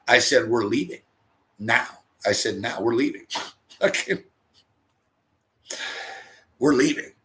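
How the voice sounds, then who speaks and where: Canadian guy swearing nonstop telling a wild story, bright punchy voice, laughs a lot. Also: medium pitch, slow, long pauses, a little hiss or hum. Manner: animated, swears constantly, laughs mid-story. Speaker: host. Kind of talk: profane storytelling rant.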